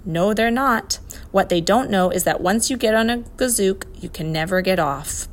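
A woman's voice: medium pitch, moderate pace, natural voice. A woman reading the lines of a flustered, fussy old male professor in a storybook. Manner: exasperated, excitable.

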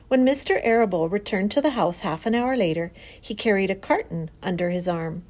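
A woman narrating a children's storybook aloud in an expressive reading style. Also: mid-range voice, fairly quick, few pauses.

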